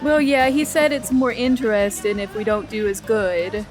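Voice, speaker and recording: A woman playing a character in a tabletop game, soft and a bit hesitant. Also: a little high, level tone, moderate pace, soft background music. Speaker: player. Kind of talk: tabletop role-play.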